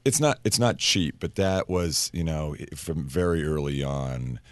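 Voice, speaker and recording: A man in his fifties chatting as a radio show guest, joking in a dry deadpan way. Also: rumbling low, a little slow, dry recording. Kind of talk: casual radio interview chat. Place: radio studio.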